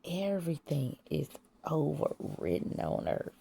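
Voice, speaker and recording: Gravelly low-voiced woman ranting bluntly. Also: very animated, unhurried, dark tone. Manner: blunt, profane, laughs at her own jokes; drops to whispers at times. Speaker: vlogger. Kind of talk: casual spiritual monologue.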